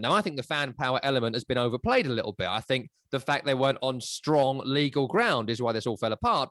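Animated man talking football. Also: medium pitch, no room sound, studio quality. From England. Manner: animated, opinionated, sweeping rhetorical riffs. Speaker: podcast co-host. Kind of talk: casual football chat.

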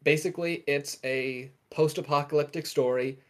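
A man's voice: a little high, fairly even intonation, normal speed. Rambling young man co-hosting a podcast. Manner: rambling, self-correcting, enthusiastic. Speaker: podcast co-host. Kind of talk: casual chat.

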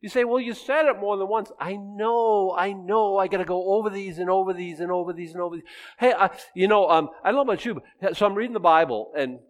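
A high-pitched man in his sixties talks at a quick pace while preaching a conversational sermon. He's chatty, asks the congregation questions, and makes fun of himself.

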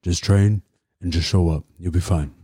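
A man imitating a laid-back male fight coach who calmly reassures his young fighter. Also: deep voice, normal speed, husky, no echo, studio quality. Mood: reassuring.

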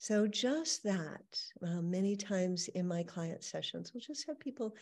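A middle-aged woman speaks as a healing coach in a gentle, reflective teaching talk. Her voice is mellow and relaxed. She often slips into soft, playful inner dialogue. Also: mid-range voice, unhurried. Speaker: healing coach, podcast host.

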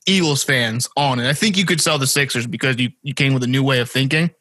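Bright-voiced jokey Philly podcast guy. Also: medium pitch, fast, no room sound. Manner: rambling, jokey, swears casually. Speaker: podcast co-host. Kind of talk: casual sports banter.

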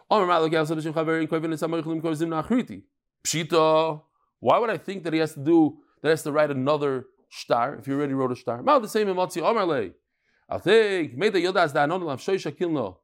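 Man, Talmud teacher, animated storyteller, slightly raised pitch, casual class. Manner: animated storytelling, mixes Aramaic and Yiddish terms.

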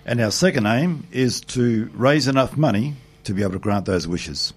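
Older Australian man, husky, plain-spoken. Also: mid-range voice, lively intonation, normal speed. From Adelaide, Australia. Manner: plain-spoken, good-humoured. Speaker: charity co-founder guest. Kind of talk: casual radio interview.

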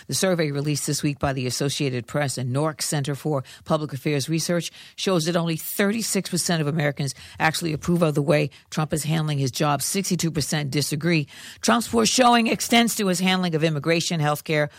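A woman reading the news on a morning radio show in a steady, conversational way. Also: sits low, dry recording, studio quality. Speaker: news reader.

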